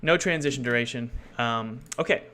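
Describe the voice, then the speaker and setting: A man's voice: medium pitch, normal speed, bright, forceful tone, clear, resonant tone. A man streaming his game development work, chatting loosely with viewers and thinking aloud as he codes, often correcting himself mid-sentence. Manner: rambling, loose and self-correcting; thinks aloud while working.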